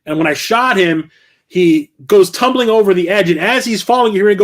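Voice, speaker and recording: A man's voice: sits high, fast, slight background noise. A middle-aged man chatting casually about his game collection, rambling, correcting himself and swearing freely. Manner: rambling, profane, self-correcting. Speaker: game collector and channel host. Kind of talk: casual vlog chat.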